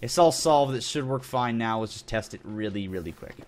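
A young man chatting his way through a video game, loose and jokey. He rambles, backtracks and corrects himself as he talks, at a mid-range pitch. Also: expressive, normal speed. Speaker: gaming channel host. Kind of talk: casual game commentary.

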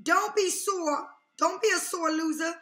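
A woman's voice: very high voice, unhurried, sharp tone, roomy sound. A woman giving a casual tarot reading, talking emphatically, repeating herself and checking in with "okay?" often. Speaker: tarot reader.

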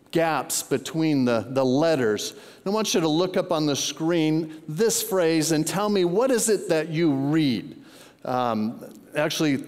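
A man's voice: a little high, darkish tone. An older man, a pastor, preaching a sermon in a conversational, storytelling way in a large church auditorium. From Southern California. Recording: long reverb in a large hall.

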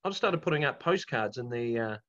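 A man's voice: mid-range voice, dull audio. A man from New Zealand with a New Zealand accent, chatting and joking as a comedian in a casual catch-up. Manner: animated, joking, quick to put on voices.

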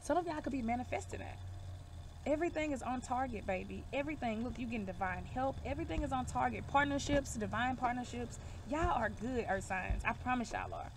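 A woman's voice: fairly high pitch, lively intonation, a little fast, a little hiss or hum. A woman giving a casual card reading to camera, emphatic and reassuring, calling her viewers y'all and baby. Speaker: divination reader.

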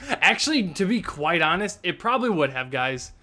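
A young man hosting a casual gaming session, excitable, laughing often and trailing off mid-thought. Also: high-pitched, moderate pace. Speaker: host.

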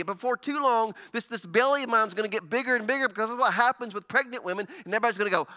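A male pastor, preaching an animated sermon and acting out the people in the story. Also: very high-pitched, rapid-fire, hardly any pauses.

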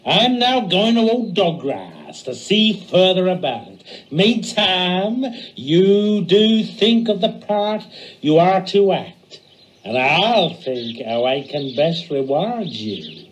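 A man's voice: high voice, very animated, takes it slowly, full character voice. A man doing a scheming salty sea smuggler. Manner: salty nautical talk. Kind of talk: model theatre play reading.

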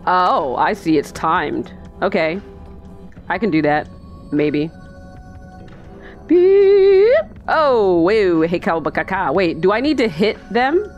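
A woman narrating her own gameplay in a chatty, goofy let's play style, her pitch swinging in lively leaps. She talks at an unhurried, drawn-out pace into a desk mic, with faint game music behind her. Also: lo-fi sound. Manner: chatty, goofy, talks to herself while playing. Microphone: desk microphone.

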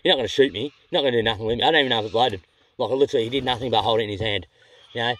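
Fast-talking Australian man telling a rambling story. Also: mid-range voice, a bit bright. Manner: rambling, self-correcting, blunt and sweary. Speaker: vlogger. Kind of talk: casual storytelling.

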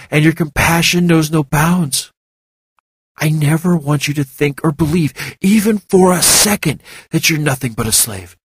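A man doing an earnest young hero, intense and insistent as he talks someone round. The voice is raspy and breathy, read dry and close. It is a storybook part, plain and sincere. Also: lowish voice, a bit bright, dry recording, full character voice. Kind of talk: audiobook character reading.

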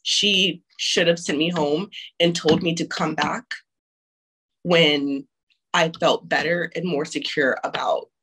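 A woman's voice: low-pitched, steady tone, slow pace, a bit bright, a little hiss or hum, rough recording. A young woman telling her own abortion story frankly and candidly, with frequent restarts and casual swearing.

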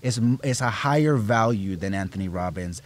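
A young man speaking as a guest on his father's podcast, reflective, with many fillers, and growing animated as he goes on. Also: lowish voice, fairly quick. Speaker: podcast guest, host's son. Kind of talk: casual family podcast chat.

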